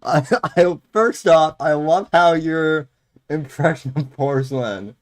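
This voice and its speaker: Slow-talking, stammering podcast co-host, a man. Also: a little high. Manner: stammering, giggly. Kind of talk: casual comedy podcast chat.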